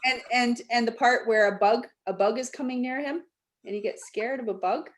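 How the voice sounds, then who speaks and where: A woman's voice: fairly high pitch, normal speed. A woman hosting a Q&A over a video call, chatty and enthusiastic. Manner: chatty, enthusiastic, laughs along. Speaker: Q&A host.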